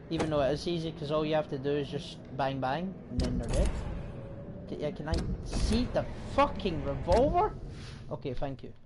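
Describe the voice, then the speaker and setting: A man's voice: a little high, expressive, normal speed, background noise. A young man streaming a game and chatting casually, often reading in-game text aloud. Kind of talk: casual gameplay commentary.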